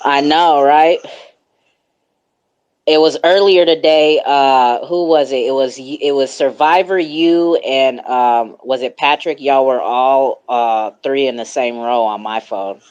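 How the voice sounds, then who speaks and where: A woman with a notably deep, low voice hosts a casual online group chat. She talks in a laid-back, slangy, rambling way, full of fillers and quick laughs. Her voice comes through a phone mic. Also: darkish tone, clean tone, lo-fi sound. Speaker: host of a social audio chat room.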